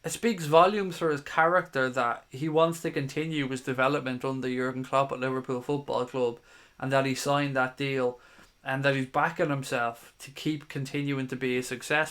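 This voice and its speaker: A man's voice: mid-range voice, fairly bright tone. A man in his thirties hosting a live stream, casually reading viewer comments aloud in a chatty, matey way and swearing now and then. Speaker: fan channel host.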